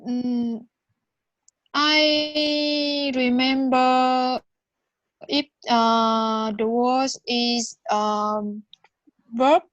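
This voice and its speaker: A woman's voice: high voice, fairly even intonation, a bit bright, muffled recording. Hesitant woman learner. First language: Vietnamese. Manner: hesitant, halting, many fillers and restarts. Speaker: student. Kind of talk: answering in an English lesson.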